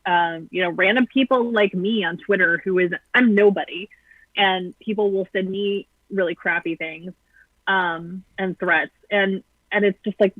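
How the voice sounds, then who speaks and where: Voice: mid-range voice, dry recording. A guest commentator calling in, blunt and sarcastic, with frequent ums. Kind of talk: political commentary over the phone. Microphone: phone call. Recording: tinny phone line, dry.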